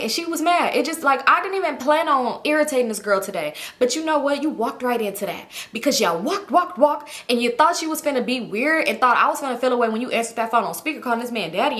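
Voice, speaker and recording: A woman vlogger telling a story to her viewers in a lively, slangy way, acting out each quote. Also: on the high side, fast talker, hardly any pauses. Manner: animated, slangy, acts out every quote.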